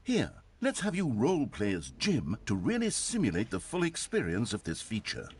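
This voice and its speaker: A man's voice: medium pitch, huge pitch swings, normal speed, a little mellow, slightly rough. A man voicing a wry adult male video game narrator who talks in a dry, mock-sincere, teasing way.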